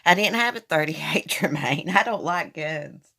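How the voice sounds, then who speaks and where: Low gravelly woman telling stories. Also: expressive, a little slow, pushed and bright. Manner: candid, storytelling, addresses viewers as y'all. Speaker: livestream host. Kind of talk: casual live chat with viewers. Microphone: phone.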